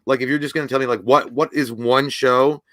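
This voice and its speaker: A man's voice: medium pitch, fairly even intonation, a little fast, fairly bright tone, dry recording. A man co-hosting a podcast, ranting bluntly and crudely in casual chat. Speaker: podcast co-host.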